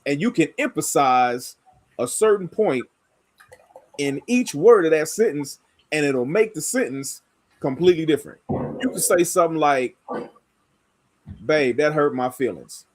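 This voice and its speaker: A man in casual group conversation, talking slowly and emphatically and demonstrating points by changing his tone. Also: on the high side, dry recording. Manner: slow, emphatic, explains by demonstrating tone.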